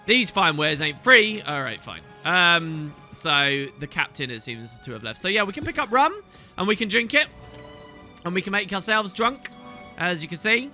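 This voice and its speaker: Animated chatty male game commentator. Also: moderate pace, faint music behind. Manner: enthusiastic, chatty, swoops in pitch. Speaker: let's play host.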